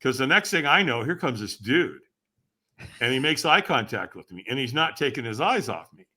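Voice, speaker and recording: A man guesting on a podcast, telling a story with animated energy and acting out the dialogue. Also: mid-range voice, normal speed. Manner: acts out quoted dialogue, emphatic and lively.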